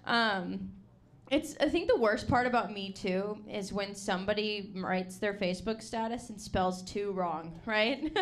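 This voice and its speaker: Young woman doing stand-up, slow rambly delivery, laughs at her own jokes, mid-high voice. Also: a bit bright. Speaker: stand-up comic at an open mic. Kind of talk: stand-up comedy set. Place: comedy club stage with a live audience.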